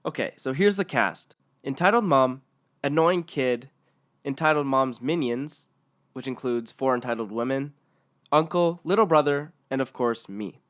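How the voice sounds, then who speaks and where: A man's voice: medium pitch, unhurried, fairly bright tone. A man narrating online stories aloud in a matter-of-fact way.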